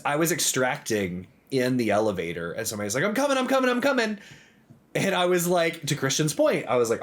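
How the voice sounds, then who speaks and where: A man co-hosting a podcast, telling gaming stories in an animated way, full of "like" fillers. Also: mid-range voice. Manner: animated storytelling with many "like" fillers. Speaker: podcast co-host. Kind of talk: casual chat.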